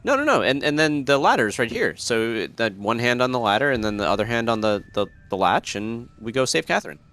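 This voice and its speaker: Male player, fast, earnest and scatterbrained, animated pitch, faint music. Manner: earnest, eager, a bit scatterbrained. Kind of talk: casual chat at a gaming table.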